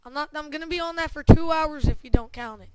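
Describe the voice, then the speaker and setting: A woman's voice: high-pitched, fast talker, no echo, poor audio. A woman doing gameplay commentary, cursing a lot and stammering through restarts in frustration. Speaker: gamer. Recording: loud background noise with clicks.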